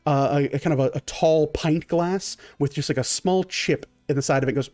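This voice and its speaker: A man's voice: fairly high pitch, fairly quick, few pauses, a little mellow, no echo, faint music behind. A man narrating a tabletop game as game master, improvising vivid descriptions.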